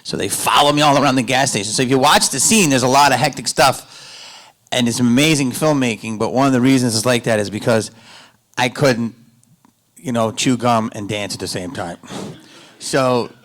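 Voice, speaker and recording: A man telling stories as a guest on a convention panel, loose and joking, going from loud asides to quiet, confiding stretches. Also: mid-range voice, brisk. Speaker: panel guest, actor and comedian.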